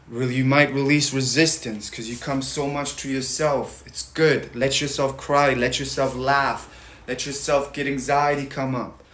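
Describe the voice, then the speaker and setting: A young man coaching listeners through a guided tapping session, speaking in slow, repetitive, encouraging phrases with audible sighs. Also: medium pitch, steady tone, fairly bright tone.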